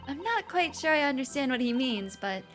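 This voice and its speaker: A woman voicing a polite, composed young female judicial assistant who speaks softly and formally. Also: high voice, big pitch swings, moderate pace, soft background music, pitched above the performer's own voice. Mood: courteous. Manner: soft, courteous and formal.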